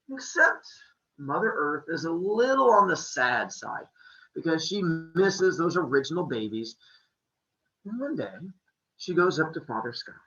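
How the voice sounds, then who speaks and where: A man tells an old myth as a casual, joking story, his voice swooping and animated. His tone is bright and forceful. The recording sounds dull and lo-fi. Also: fairly high pitch, roomy sound. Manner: jokey, playful, full of sound effects. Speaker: podcast storyteller.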